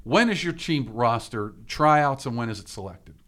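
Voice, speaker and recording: A man's voice: medium pitch, expressive, normal speed, fairly bright tone. Guy co-hosting a chat, keeps pushing with follow-ups, lots of you knows. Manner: probing, asks follow-up questions, uses many fillers. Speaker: podcast co-host. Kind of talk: casual chat.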